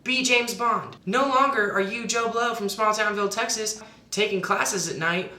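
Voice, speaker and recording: A woman's voice: medium pitch, moderate pace, pushed and bright, roomy sound. A woman narrating satirical mock dating advice in a sarcastic, mock-authoritative tone.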